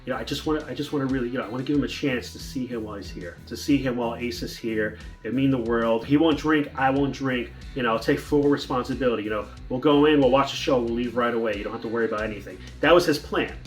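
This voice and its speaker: A man's voice: mid-range voice, quick pace, hardly any pauses, soft background music. Rambling man telling a story. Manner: rambling, with restarts and fillers. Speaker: vlogger. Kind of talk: casual storytelling commentary.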